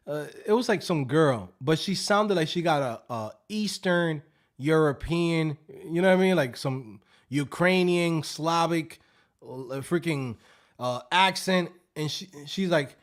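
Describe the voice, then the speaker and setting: A man hosting a casual livestream, joking loudly and profanely and acting out scam calls. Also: fairly high pitch, a little slow. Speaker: livestream host.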